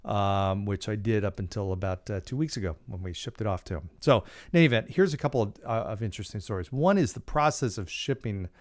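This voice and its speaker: A middle-aged podcast host tells a personal story in a casual, rambling style full of fillers and restarts. His voice is on the low side, and he talks fast with few pauses.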